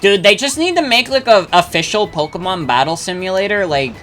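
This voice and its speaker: A young adult streamer talks through a game session in a loose, filler-packed ramble, swearing freely and answering chat. The voice is bright and forward. Game music plays faintly underneath. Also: mid-range voice, expressive, brisk. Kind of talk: casual chat while gaming, reading chat.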